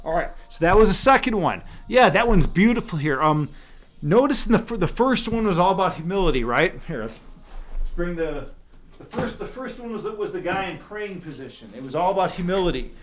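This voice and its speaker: A young man talking loosely on a live stream, telling stories and answering chat with lots of ums and restarts. His voice sits a little on the high side for a man. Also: very animated, brisk. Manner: rambling storyteller with many fillers and restarts.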